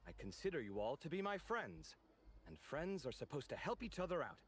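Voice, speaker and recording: Lively, fussy young architect. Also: male voice, a little high, a little fast, slight background noise. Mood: earnest, teasing. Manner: expressive, sarcastic. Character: dramatic young male architect, fussy and exasperated. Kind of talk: game voice acting.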